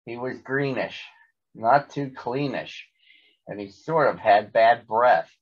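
A man voicing a young male cat, the big brother who narrates a rhyming storybook in a steady reading voice. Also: mid-range voice, slow pace, highs cut off. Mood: calm.

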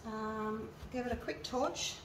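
A woman's voice: on the high side, fairly even intonation, takes it slowly, distant mic. A woman giving a casual hands-on craft tutorial. She talks viewers through each step aloud as she works. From Australia. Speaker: resin artist showing her craft. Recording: mic a little away, faint background noise.

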